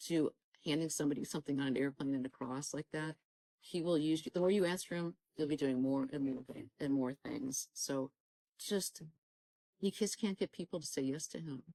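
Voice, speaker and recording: Speaking at a moderate pace in a low, dark voice, a woman tells her personal faith testimony during an interview. She is earnest and exhorting, regularly acting out the exchanges she recalls. The recording is dry and low in quality.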